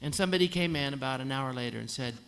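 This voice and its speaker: Racing along at a medium pitch, the singer's voice sounds creaky and a bit bright as he performs comic storytelling at a live concert. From the concert hall stage he delivers a dry, humorous tale, acting out the nurses and doctors.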